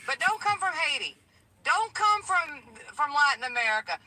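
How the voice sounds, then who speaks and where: A woman in her late forties calls in and tells her story with insistent emphasis. Her voice sits high and swings widely, with a bright, sharp edge. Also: very animated, moderate pace, no echo, low-quality recording. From Tennessee. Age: late 40s. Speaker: caller. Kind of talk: call-in show conversation.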